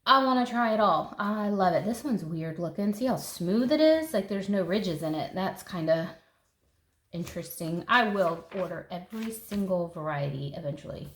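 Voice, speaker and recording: A woman with a mid-range voice and lively intonation talks at a normal speed, chatting enthusiastically as she flips through a seed catalog for her gardening vlog. She thinks aloud as she goes, and the echoey room carries faint noise.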